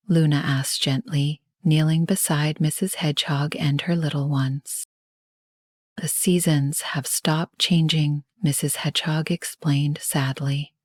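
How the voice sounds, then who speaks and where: Soft-whispering woman bedtime storyteller. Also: deep voice, breathy edge, no echo, studio quality. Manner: soft, soothing.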